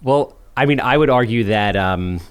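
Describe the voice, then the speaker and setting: A man's voice: mid-range voice, expressive, moderate pace, clear, resonant tone. A man hosting a podcast, asking questions in a casual, emphatic and upbeat way. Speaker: podcast host. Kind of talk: casual interview chat.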